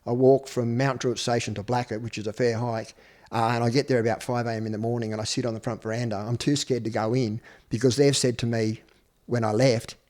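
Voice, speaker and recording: Brisk and flat in delivery, a man with a slightly mellow medium-pitched voice tells his life story as an interview guest. He's Australian, in his fifties, and speaks with blunt, profane candor.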